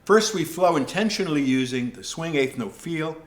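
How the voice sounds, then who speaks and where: A man teaching jazz piano improvisation, explaining in a calm, measured way. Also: a little high. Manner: calm, measured explaining with scat syllables and counting. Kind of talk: music lesson explanation.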